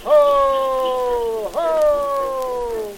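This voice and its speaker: A man's voice: very high voice, drawn-out words, fairly bright tone, slight background noise, heavily acted, low-quality recording. A man playing a jolly old Santa Claus, giving comic orders to his reindeer on an old novelty record. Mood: bossy, jolly. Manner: comic dialect, hearty ho-hos, barking orders. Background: music.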